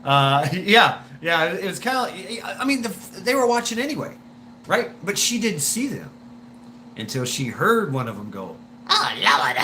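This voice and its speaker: A man's voice: high-pitched, very animated, normal speed, sharp tone, slight background noise. A man hosting a live stream, telling a story in a rambling way with swearing, laughs and many restarts.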